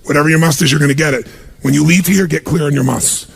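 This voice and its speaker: A motivational speaker gives an emphatic seminar talk to a live audience in a large room, pushing them with repeated commands. He talks fast in a fairly high, gravelly voice, with slight background noise.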